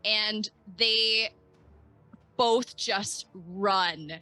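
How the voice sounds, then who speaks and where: A woman's voice: mid-range voice, very slow, sharp tone, soft background music. A woman running a tabletop game as game master, hesitant with lots of fillers. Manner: hesitant, many fillers, giggly.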